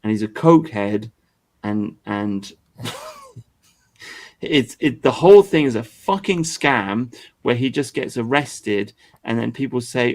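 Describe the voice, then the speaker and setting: A man's voice: mid-range voice, animated, a little slow, darkish tone. A man hosting a podcast, ranting in crude, exasperated casual talk. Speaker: podcast host. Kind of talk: casual profane commentary.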